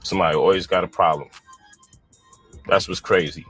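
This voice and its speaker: A man's voice: low voice, steady tone, brisk, a bit bright, soft background music. A man in a heated, profane live-stream rant, angry and exasperated. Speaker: online personality defending his program.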